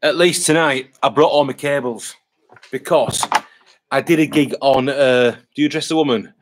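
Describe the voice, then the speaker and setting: A man's voice: medium pitch, moderate pace, noisy background. A man, chatting casually on a live stream, reading viewer comments aloud and rambling with lots of fillers. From England. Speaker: vlogger hosting a live stream.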